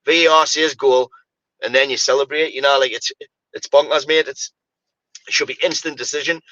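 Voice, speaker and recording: Male podcaster, bright forceful delivery, exasperated football rant, dry lo-fi sound. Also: medium pitch, a little fast, no room sound. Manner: animated, exasperated ranting with repeated "mate" and "you know, like". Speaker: podcast co-host. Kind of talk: casual football podcast chat.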